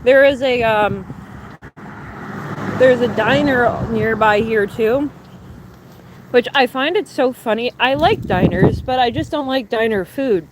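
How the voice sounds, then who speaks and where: A vlogger with a high voice talks to her handheld phone camera while walking outdoors in a small town, amid loud street noise and wind. She speaks at a measured pace with long pauses, chatty and rambling, often cutting herself off mid-sentence.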